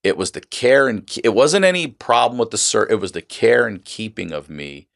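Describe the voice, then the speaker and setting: A man's voice: on the low side, animated, normal speed, vocal fry, dry recording, studio quality. A middle-aged man on a podcast, casually telling a profane story and acting out the people in it. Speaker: podcast guest.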